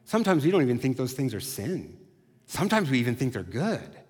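A man preaching a sermon as a pastor, conversational with animated asides. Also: mid-range voice, brisk, slightly rough. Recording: long hall reverb.

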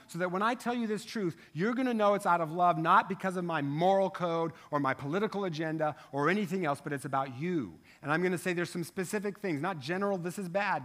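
A man delivers a sermon in a church sanctuary, his voice pitched high for a man and ringing bright. He talks conversationally, tossing quick asides to the congregation. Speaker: pastor.

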